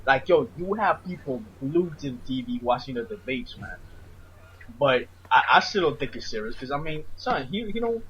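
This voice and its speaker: A man's voice: medium pitch, lively intonation, moderate pace, fairly bright tone, slight background noise. A young man hosting a casual podcast in heavy slang, tacking "son" onto nearly every phrase and often restarting his sentences. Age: young adult. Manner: slangy, says "son" constantly, repetitive restarts. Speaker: podcast host. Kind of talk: casual chat. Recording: dull, lo-fi podcast audio.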